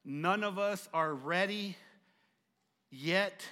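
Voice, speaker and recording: A middle-aged man preaches a sermon with a stutter, repeating words as he pushes through them. His voice sits high and bright, dropping to near-whispers and rising to loud, emphatic calls. A long reverb from a large church hall trails each phrase. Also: extremely slow. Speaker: pastor.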